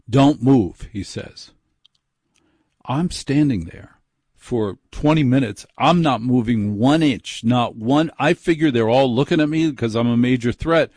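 A man's voice: mid-range voice, darkish tone, dry recording. A man hosting a late-night radio show, telling a story in a chatty, self-deprecating, rambling way from a studio mic.

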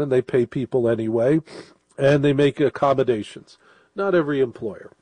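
Middle-aged male radio host, sniffling from a cold, husky and mellow, chatty rambling delivery. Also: medium pitch, moderate pace, dry recording. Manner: rambling, conversational, with restarts and asides. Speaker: late-night radio host. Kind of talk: casual monologue to listeners.

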